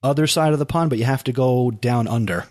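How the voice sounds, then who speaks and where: A man hosting a podcast in casual chat, who slows down to spell out web addresses. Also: medium pitch, a little mellow. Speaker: podcast host.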